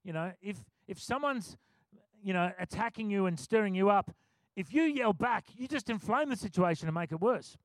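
A middle-aged man preaching a sermon, telling stories in a relaxed conversational way and laughing often. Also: sits high, normal speed, no echo. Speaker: pastor.

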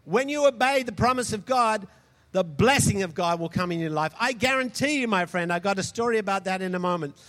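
High-voiced preacher in a reverberant hall. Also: male voice, animated, brisk, fairly bright tone. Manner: emphatic, calls out for audience responses. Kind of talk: sermon.

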